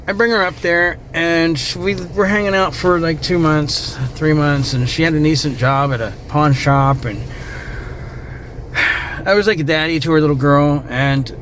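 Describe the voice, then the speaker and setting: A man's voice: fairly high pitch, steady tone, normal speed, hardly any pauses. Middle-aged man, personal storyteller, emotional and meandering, light faint hiss behind. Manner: rambling, emotional, trails off into quiet asides.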